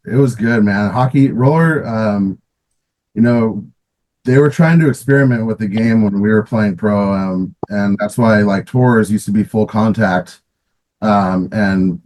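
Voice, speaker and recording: A man's voice: on the low side, a little mellow, low-quality recording. A middle-aged man, a former pro hockey player, casually telling stories in an interview with many restarts and fillers, often laughing.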